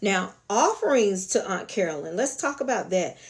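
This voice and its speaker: A woman's voice: medium pitch, big pitch swings, normal speed. A woman with a Southern accent hosting her own spiritual channel, telling a story in a sassy, colloquial way and calling her viewers honey and y'all. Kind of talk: casual storytelling lecture.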